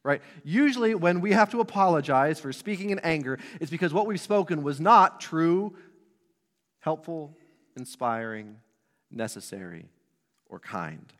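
Guy in his 30s preaching, chatty, keeps asking the room stuff, voice kinda high and goes all over, big church reverb. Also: expressive, measured pace, fairly bright tone. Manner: conversational, asks the congregation questions. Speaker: pastor. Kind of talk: sermon. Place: church sanctuary. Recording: long reverb of a hall.

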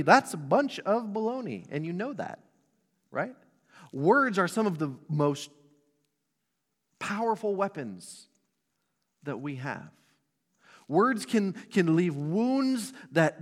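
Guy in his 30s preaching, chatty, keeps asking the room stuff, voice kinda high and goes all over, big church reverb. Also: very animated, slow, long pauses. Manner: conversational, asks the congregation questions. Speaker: pastor. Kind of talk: sermon. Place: church sanctuary. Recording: long reverb of a hall.

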